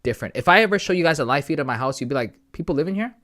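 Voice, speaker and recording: A man's voice: medium pitch, expressive, very fast, pushed and bright. A man from Canada chatting casually on a live stream, reading viewer messages aloud and answering them from home into a close, sensitive desk mic.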